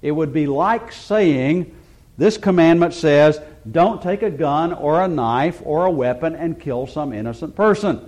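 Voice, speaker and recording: Preacher man with a higher voice. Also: darkish tone. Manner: expository preaching with frequent restarts and emphatic quotes. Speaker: pastor. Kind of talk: sermon.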